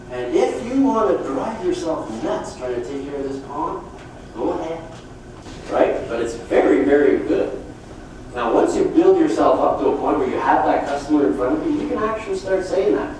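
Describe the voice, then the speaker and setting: A man's voice: a little high, normal speed. Folksy man in an echoey hall. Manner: folksy, animated storytelling. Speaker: sales trainer speaking at a conference. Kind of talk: motivational sales talk. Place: conference hall. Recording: echoey hall from far off with faint noise.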